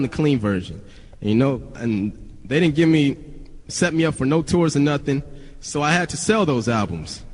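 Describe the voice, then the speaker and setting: A man's voice: lowish voice, darkish tone, in a large hall. A young man, a rapper, telling stories casually to friends, swearing often and rambling with many restarts.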